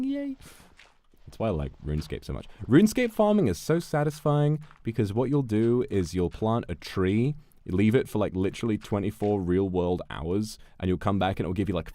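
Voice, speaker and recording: A man's voice: sits low, a little mellow. A male streamer chatting casually during a game, playful and flirty as he thanks donors. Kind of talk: casual gaming stream chat.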